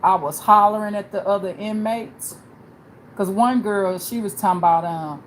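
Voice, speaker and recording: A livestream host with a mid-range voice talks at normal speed, bluntly and casually recounting stories. She animates them by acting out whoever she quotes, in an echoey room with background noise.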